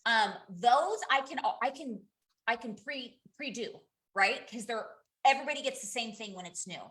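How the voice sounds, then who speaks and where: A woman's voice: on the high side, lively intonation, moderate pace, a bit bright. A woman in her thirties leading a casual group coaching call, chatty and candid, with lots of fillers and restarts. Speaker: direct sales team leader.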